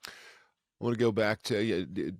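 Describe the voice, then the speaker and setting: A man's voice: lowish voice, dry recording, clean studio sound. A man hosting a podcast, affirming his guest and thinking aloud. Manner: affirming, quick back-channel replies. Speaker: podcast host. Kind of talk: casual podcast conversation.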